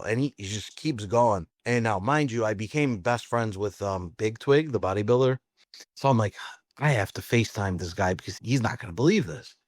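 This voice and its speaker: A pizzeria owner telling a story in a casual, animated way, acting out quotes and often saying "like" and "dude". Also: male voice, medium pitch, no room sound, clean studio sound.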